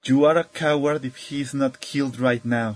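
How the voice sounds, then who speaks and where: A man voicing a fierce, vengeful young girl who speaks loudly and accusingly. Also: medium pitch, steady tone, moderate pace, close to an everyday voice. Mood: furious. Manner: loud, accusing.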